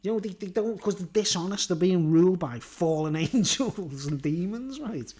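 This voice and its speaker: A man's voice: high voice, lively intonation, moderate pace, a little mellow. A man, rambling through a monologue and constantly tacking on "right?" and "you know what I mean?", blunt and sweary, with chuckles. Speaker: vlogger.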